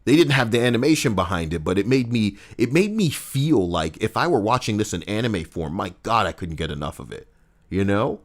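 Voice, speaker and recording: Lively, low-voiced male streamer. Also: brisk. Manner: profane, rambling, animated. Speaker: game streamer. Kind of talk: casual livestream chat.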